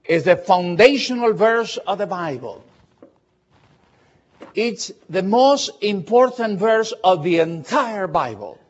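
Man, pastor, sermon, slow halting delivery, husky, muffled sound. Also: a little high.

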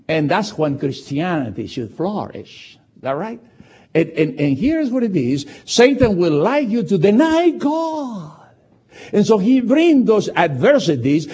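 A man preaching a sermon, animated and emphatic, with many restarts. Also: high-pitched, slightly rough. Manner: animated, repetitive restarts, rising to emphatic shouts. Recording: dull lo-fi sound.

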